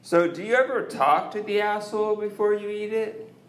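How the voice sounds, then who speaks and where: A man doing an awkward, self-deprecating open-mic stand-up set into a handheld mic on a club stage, leaving long pauses. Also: high-pitched. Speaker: stand-up comedian. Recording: roomy club sound.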